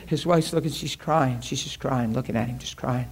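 A man's voice: fairly high pitch, fairly quick, hardly any pauses, husky. A man preaching a sermon, telling a story with lots of laughter and acting out what people said. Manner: animated, laughing often, acts out quotes.

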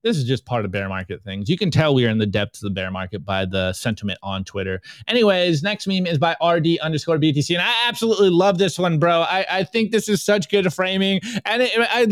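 A man's voice: on the high side, lively intonation, fast talker, hardly any pauses, no echo. A man co-hosting a podcast, chatting casually and jokingly as he reads memes aloud, laughing often. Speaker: podcast co-host reviewing memes. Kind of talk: casual chat.

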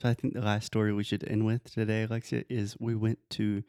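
A woman, co-hosting a casual podcast and telling travel stories in a relaxed way. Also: a bass voice, brisk, no room sound, studio quality. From Brazil. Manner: relaxed storytelling, explains terms. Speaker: podcast co-host. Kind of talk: casual chat.

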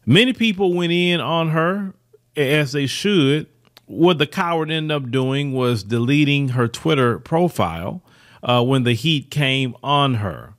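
A middle-aged man with a fairly high voice delivers opinion commentary in a preachy, emphatic way. He stumbles over repeated words and restarts as he presses his points. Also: animated, measured pace.

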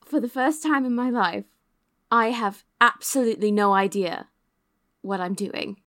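A woman voicing a blunt, weary female ship captain who makes dry, deadpan threats in a tabletop game. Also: medium pitch, unhurried, lightly acted. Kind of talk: in-character tabletop play.

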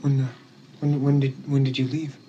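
An actor playing a grown man who stammers and fires rushed, repeated questions at his brother. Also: mid-range voice, level tone, mellow, muffled recording, a little hiss or hum, natural voice. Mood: urgent.

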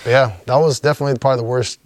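A man's voice: medium pitch, fairly even intonation, racing, no room sound. A man telling a story as an interview guest, in a rambling, profane, laid-back way.

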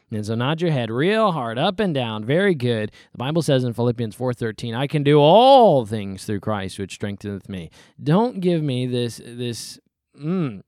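A man who is a pastor, giving folksy sermon-style advice on a podcast and acting out quoted excuses in a higher voice. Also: darkish tone, no room sound, studio quality.

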